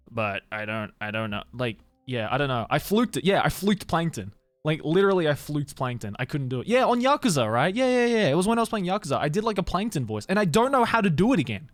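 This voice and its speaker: A man's voice: a little high, sing-song, brisk, no room sound, faint music behind. A male streamer chatting casually with his live audience, laughing often, swearing freely, and leaning hard on filler words. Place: home streaming room, Tokyo.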